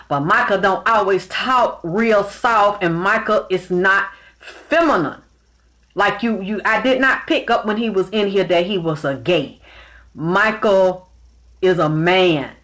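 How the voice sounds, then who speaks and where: A woman giving a spiritual reading in a casual monologue, telling stories bluntly with plenty of profanity. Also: mid-range voice. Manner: blunt, profane, animated storytelling. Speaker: spiritual reader.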